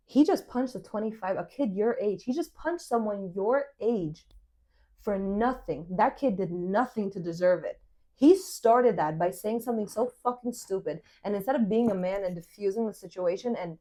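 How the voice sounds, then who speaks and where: A young woman hosting a podcast, telling a dating story in casual chat, animated and swearing as she acts out the dialogue. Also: medium pitch, moderate pace. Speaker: podcast host.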